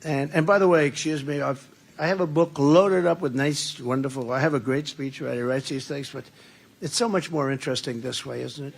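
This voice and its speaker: A man's voice: fairly high pitch, a little fast, gravelly, a little hiss or hum. A man giving a rambling, repetitive campaign rally speech, full of digressions and emphatic sarcastic asides. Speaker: political candidate.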